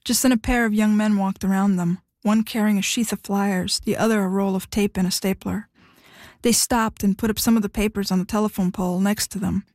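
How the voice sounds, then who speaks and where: A woman's voice: medium pitch, steady tone, a little fast, darkish tone, dry recording, studio quality. A woman reading a story aloud as narrator, giving the characters small voice shifts. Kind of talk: audiobook narration.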